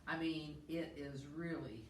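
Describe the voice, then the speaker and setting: A woman's voice: low-pitched, unhurried, a little hiss or hum. A woman pastor co-hosting a casual church livestream, chatting and eating on air. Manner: chatty, talks while eating. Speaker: pastor and co-host. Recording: echoey room, mic far off.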